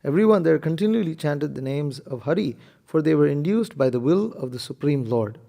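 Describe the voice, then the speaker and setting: Mellow, gravelly man reading aloud. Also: fairly high pitch, lively intonation, a little fast. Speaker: reader in a group reading.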